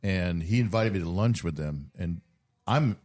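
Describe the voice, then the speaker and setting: A man's voice: low voice, expressive, unhurried, darkish tone. A middle-aged man hosting a podcast, telling wry, rambling stories in casual chat with plenty of fillers. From South Florida. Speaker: podcast host.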